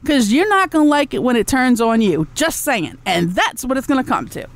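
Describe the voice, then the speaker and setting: A high-pitched woman rants on her own podcast, blunt and profane. She throws sarcastic asides to her listeners in the chat room. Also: lively intonation, normal speed, no echo. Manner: talks back to a chat room. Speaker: podcast host. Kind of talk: ranting solo podcast talk.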